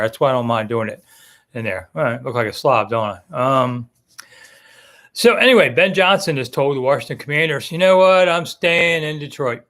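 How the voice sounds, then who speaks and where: A middle-aged sports talk host chats casually on a live stream, rambling and poking fun at himself while discussing football coaching news. His voice is fairly high-pitched with a fairly bright tone.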